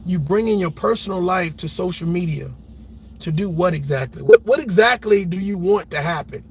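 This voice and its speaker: A man's voice: sits high, expressive, moderate pace, slight background noise. A man giving a heated reaction commentary, emphatic and blunt, repeating words and swearing freely as he argues. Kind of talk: ranting commentary.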